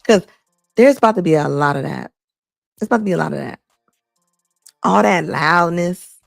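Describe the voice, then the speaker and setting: Blunt gravelly woman commentator. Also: on the low side, normal speed, no echo, studio quality, faint music behind. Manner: blunt, emphatic, repeats lines for effect. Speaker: commentary host. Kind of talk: casual reaction commentary.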